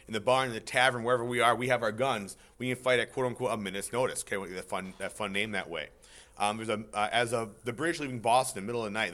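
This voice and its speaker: A man teaching a casual, chatty history lesson, talking over slides and breaking into loud mock quotes. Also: mid-range voice.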